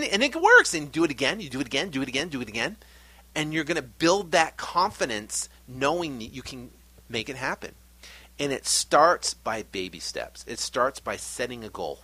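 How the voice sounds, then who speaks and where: A middle-aged man hosting a podcast, giving an energetic, animated pep talk. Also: mid-range voice, husky. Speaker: podcast host.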